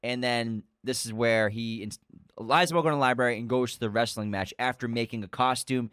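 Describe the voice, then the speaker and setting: Male co-host, middle pitch, relaxed recap chatter, asks for confirmation, dry booth sound. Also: fairly quick, smooth, no echo. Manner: laughs often and checks facts with his co-host. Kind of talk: casual chat recounting a film from memory.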